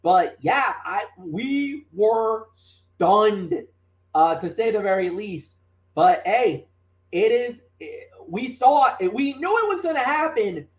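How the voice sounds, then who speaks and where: A man hosting a podcast, recapping a wrestling show in a lively storytelling manner and acting out his own commentary calls. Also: sits high, takes it slowly. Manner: animated storytelling, reenacts commentary. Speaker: podcast host. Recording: roomy, distant from the mic.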